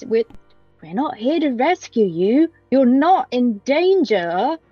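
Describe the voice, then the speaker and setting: Playful woman player, fairly high voice. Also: sing-song, breathy edge, no room sound, lo-fi sound, faint music behind. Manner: playful, giggling, halting. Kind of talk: tabletop game play.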